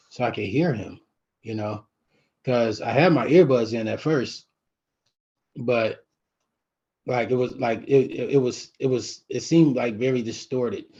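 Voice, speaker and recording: A middle-aged man talks into his own camera in a lo-fi vlog, his low voice husky and a little rough. He speaks haltingly, stops and restarts his sentences, and leans on fillers as he works through a painful memory. The sound is dull and muffled. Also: a little mellow. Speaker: vlogger. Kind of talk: personal vlog, emotional recollection.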